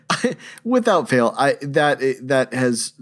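A man's voice: mid-range voice, very animated, very slow, a bit bright. A man co-hosting a podcast, telling stories in a casual chat with frequent laughs and fillers. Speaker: podcast co-host.

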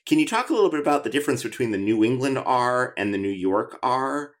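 A man's voice: medium pitch, animated, quick pace. A man hosting an interview podcast, chatty and enthusiastic, with many restarts as he asks questions. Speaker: podcast host. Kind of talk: conversational interview.

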